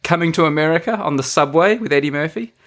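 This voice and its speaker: A man's voice: fairly high pitch, quick pace, a bit bright. A man co-hosting a podcast, telling a story in casual chat and acting out the quoted voices. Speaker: podcast co-host.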